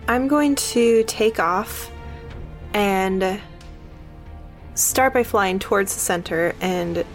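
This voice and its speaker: A woman playing a tabletop game, describing her moves in a slow, deliberate way. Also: mid-range voice. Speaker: player.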